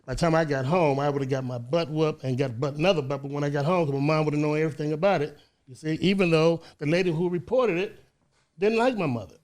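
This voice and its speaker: A man in his sixties from Chicago with a Chicago accent, telling his life story as an interview guest in a measured way, often restarting his words. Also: a little high, a little mellow. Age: 60s. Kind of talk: casual interview. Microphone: studio microphone.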